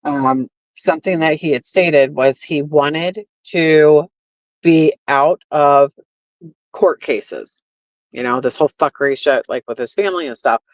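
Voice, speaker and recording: A woman's voice: sits low, measured pace, dry recording. Blunt, swearing woman ranting to viewers. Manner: blunt, heavy swearing, many fillers; addresses viewers directly. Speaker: commentary streamer. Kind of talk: casual opinion rant. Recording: dull lo-fi stream audio.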